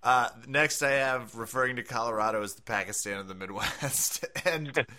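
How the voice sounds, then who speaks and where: Bright-voiced podcast co-host, laughing. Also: male voice, medium pitch, normal speed. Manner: laughs often, jokey. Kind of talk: casual podcast chat.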